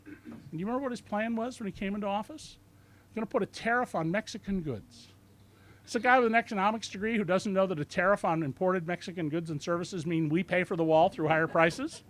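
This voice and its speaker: Speaking a little fast in a voice that sits high for a man, an author in his sixties gives a talk in a bookstore event room. His storytelling is lively and sardonic, and he mimics the people he quotes in order to mock them.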